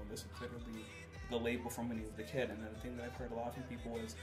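A man's voice: medium pitch, little pitch movement, quick pace, music in the background. A young man vlogging from his bedroom, rambling and swearing, with "like" in nearly every sentence. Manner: rambling, swears a lot, frequent "like". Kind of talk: casual chat to camera. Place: bedroom decorated for Christmas.

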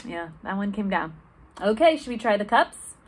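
A woman librarian leading a children's storytime, talking gently and asking the kids questions. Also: medium pitch, big pitch swings, moderate pace, background noise.

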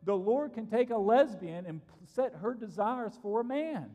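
A man's voice: sits high, expressive, moderate pace, warm tone. A man preaching a sermon in a church, emphatic and repeating key phrases for stress. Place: church sanctuary. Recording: long reverb from a church hall.

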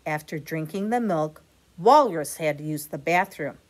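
A woman reading a bedtime picture book aloud to children, adding gentle, chatty asides. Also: low-pitched, expressive, normal speed. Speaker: storyteller, teacher.

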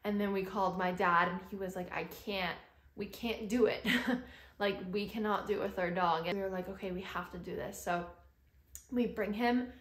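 A woman's voice: medium pitch, a bit bright. A young adult woman vlogger telling a story in casual chat, with lots of "like" fillers. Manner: chatty, heavy use of "like" fillers. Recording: roomy echo.

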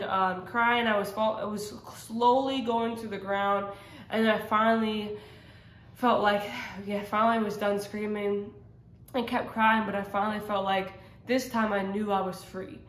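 A woman's voice: medium pitch, steady tone, measured pace, fairly bright tone. A woman sharing a personal faith testimony in casual, earnest talk, rambling with many fillers and restarts. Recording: roomy echo.

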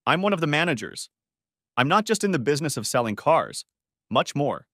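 Man playing a prickly, resentful manager type, slow careful speech, storybook reading. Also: fairly high pitch, big pitch swings, a bit bright, dry recording, studio quality, voice pushed up. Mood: angry. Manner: slow, careful, through clenched teeth when angry. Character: touchy man, car dealership manager, resentful and guarded.

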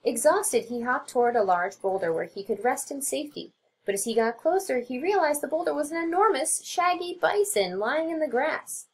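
A woman teacher narrating a children's storybook aloud in an expressive reading. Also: high voice, normal speed.

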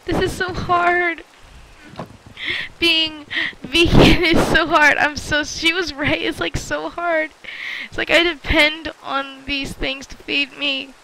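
A woman's voice: high-pitched, fairly even intonation, slow pace, gravelly, sharp tone, slight background noise, low-quality recording. A woman giving chatty let's-play commentary while gaming, talking to her viewers with frequent exclamations. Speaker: gamer.

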